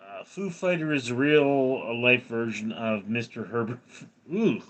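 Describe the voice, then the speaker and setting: A man's voice: mid-range voice, normal speed, a bit bright. A man in his thirties live streaming, reading out viewers' names and answering them with crude, joking replies. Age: 30s. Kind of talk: casual live-stream chat.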